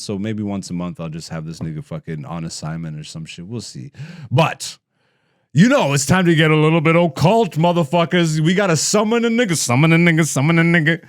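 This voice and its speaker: A man in his thirties hosting a comedy podcast, ranting with heavy profanity and mockery, dropping to low mutters and rising to loud animated bursts. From Ethiopian heritage.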